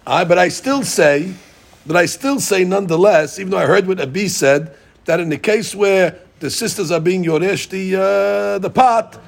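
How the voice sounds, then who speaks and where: A middle-aged man teaching a Talmud class in an animated way, repeating words and mixing in Hebrew and Aramaic terms. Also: sits high, normal speed, creaky.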